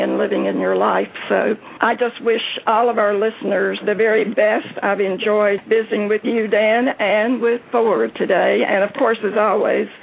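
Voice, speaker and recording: A woman's voice: medium pitch, gravelly. A woman speaking enthusiastically and encouragingly as a guest on a motivational panel. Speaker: panel guest, success coach. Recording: tinny phone-like sound with faint hiss.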